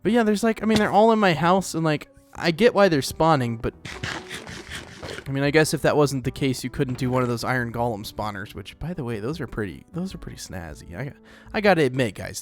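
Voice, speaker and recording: A man's voice: mid-range voice, animated, brisk, faint music behind. A man hosting a let's play, rambling casually as he plays, with lots of fillers. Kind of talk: casual gameplay commentary.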